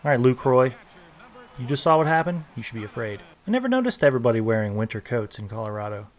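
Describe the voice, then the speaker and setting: A young man giving casual, joking commentary while playing a baseball video game, reacting loudly to big plays. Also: medium pitch, very animated, fast. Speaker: gaming YouTuber.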